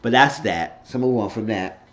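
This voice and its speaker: A man's voice: on the low side, moderate pace, a bit bright, muffled recording. A man giving a blunt, opinionated, rambling recap of a TV episode in a casual unscripted way. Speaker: TV show reviewer.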